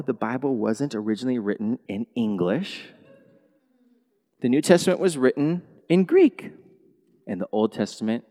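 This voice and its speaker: A male pastor preaching a sermon in a church, animated, swinging from quiet asides to loud exclamations. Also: medium pitch. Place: church sanctuary. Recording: long hall reverb.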